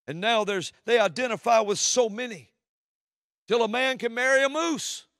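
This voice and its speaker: A man preaching a sermon from the pulpit, swinging between loud declarations and hushed, low passages. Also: normal speed, gravelly, no echo, clean studio sound.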